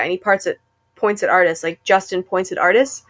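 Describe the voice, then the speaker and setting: A woman co-hosting a podcast, chatting casually and retelling a story in an animated, giggly way with lots of "like". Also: fairly low pitch, fairly quick. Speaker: podcast co-host. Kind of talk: casual chat.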